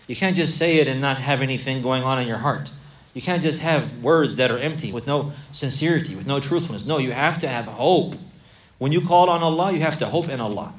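Man, religious teacher, lively questioning of kids, fairly high voice, mic set back. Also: recorded from a distance. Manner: asks and repeats questions, animated, builds lists. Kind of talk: Islamic lesson for kids with questions.

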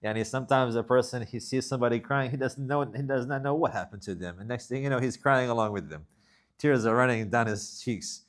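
Man teaching a religious text. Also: mid-range voice. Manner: switches between brisk Arabic reading and slow, repeated English explanation. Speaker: teacher explaining a classical Arabic text. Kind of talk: religious lesson, reading Arabic then explaining in English.

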